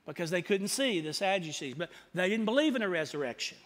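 A man's voice: high voice, very animated, fast. A male pastor preaching an expository sermon in a folksy way, asking the congregation questions and answering them himself. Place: church sanctuary. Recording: long church hall reverb.

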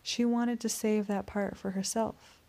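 A woman voicing a suave male vampire in an audiobook, speaking in a soft, courteous, menacing purr. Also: mid-range voice, flat delivery, measured pace, vocal fry. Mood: silky menace. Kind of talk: audiobook character reading.

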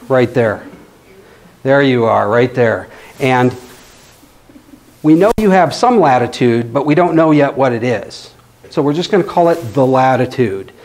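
Speaking to an astronomy club, a man gives a live classroom-style lecture illustrated with drawings. His voice is on the high side and a little mellow, and he stays playful, checking in with his audience often.

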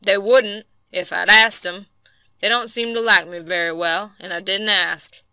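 A woman voicing an injured lumberman, a man down on his luck who speaks gruffly and hopelessly. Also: medium pitch, fairly even intonation, measured pace, pushed and bright, dry recording. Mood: reassuring.

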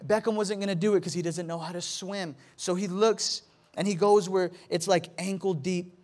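A pastor in his thirties delivers a sermon in a notably high voice for a man. He tells his stories animatedly and often repeats words as he goes. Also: moderate pace. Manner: animated storytelling with repetitions.

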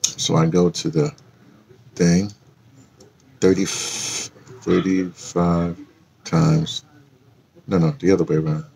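A man's voice: very deep voice, fairly even intonation, normal speed, long pauses, mellow, husky. A middle-aged man talking in a rambling, casual vlog, drifting off-topic and restarting his sentences often. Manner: meandering, with many fillers and restarts. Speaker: vlogger.

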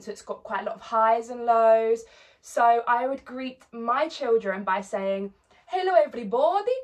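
A woman, chattily introducing herself and telling a short story. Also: on the high side. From Isle of Wight, England. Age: 20s. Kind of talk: casual self-introduction to camera.

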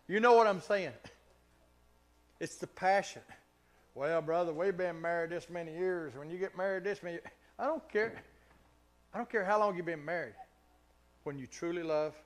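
A pastor with a Southern Kentucky accent preaching a sermon, swinging from loud emphatic preaching to soft, intimate near-whispers, with chuckles between phrases. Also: male voice, a little high. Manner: laughs between phrases and drawls stretched key words.

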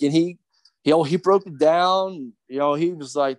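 A man's voice: on the high side, moderate pace, no echo. A middle-aged man from Philadelphia, a podcast guest ranting in a profane, agitated, rambling way with many restarts. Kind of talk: heated podcast rant.

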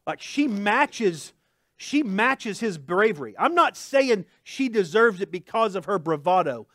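A man preaches a sermon in a loose, conversational way, tossing in jokes and asides as he goes. His voice sits high and swings widely in pitch. The sound is dry and close. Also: sing-song, measured pace, fairly bright tone, dry recording. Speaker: pastor. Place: church.

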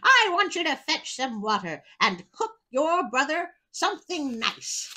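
A woman's voice: high voice, big pitch swings, a little slow, pushed and bright, pitched above the performer's own voice, exaggerated voice. A woman voicing a wicked old witch who gloats and shrieks as she gives orders. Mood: gloating.

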